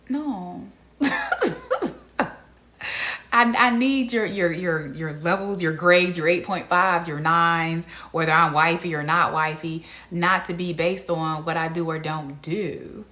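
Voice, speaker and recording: A woman gives a casual reality TV recap, animated and incredulous and laughing often as she talks to her viewers. Her voice sits a little low but sounds bright and sharp. The room around her is echoey. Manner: laughs often mid-sentence.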